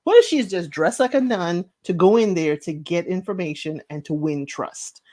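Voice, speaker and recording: A woman's voice: on the low side, animated, moderate pace, mellow. A woman casually recapping a TV series, acting out the characters' lines with big swings in her voice. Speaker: podcast host recapping a TV series.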